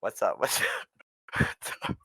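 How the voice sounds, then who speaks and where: A man from the Caribbean, a guest streamer joking crudely with viewers in casual chat, switching between mutters and shouts. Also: unhurried, no echo, studio quality.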